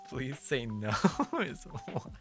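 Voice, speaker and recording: A playful young man chatting on a stream who laughs easily and mixes two languages. His delivery is lively and swinging, with a slightly gravelly texture and quiet music in the background. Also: medium pitch. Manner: playful, laughs often, switches between English and Japanese. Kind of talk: casual chat stream.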